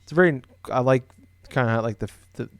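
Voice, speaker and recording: In a casual podcast chat, a young co-host from Des Moines, Iowa rambles along, restarting often and leaning on fillers. He has a mid-range voice and a brisk delivery, and there's no room sound.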